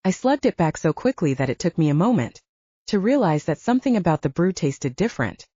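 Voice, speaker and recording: A woman narrating a first-person audiobook in a steady, even reading. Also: lowish voice, a little fast, husky, no room sound, dull audio.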